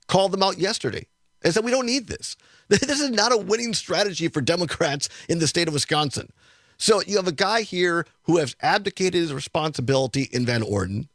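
A man's voice: high-pitched, a bit bright, dry recording, studio quality. A man hosting a casual political talk radio show, rambling and repeating words, with frequent chuckles. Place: radio studio.

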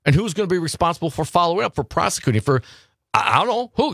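Male radio host, animated and questioning, a bit high-pitched, dry studio sound. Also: rapid-fire, vocal fry, dry recording. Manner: animated, rhetorical questions, repeats himself. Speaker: radio talk show host. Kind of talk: casual political talk radio.

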